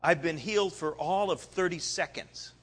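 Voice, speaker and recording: A male preacher telling a story in a sermon, lively and dramatic, rising to loud bursts and dropping to quiet asides. His voice sits a bit high for a man and rings bright and forceful. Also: moderate pace, breathy edge.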